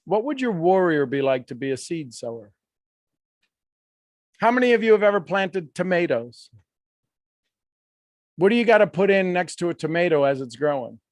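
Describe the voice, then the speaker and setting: A coach with a fairly high voice runs a live workshop, teaching animatedly, slipping into quoted voices and laughing along the way. He talks at a normal speed with long pauses, and the recording is close and dry.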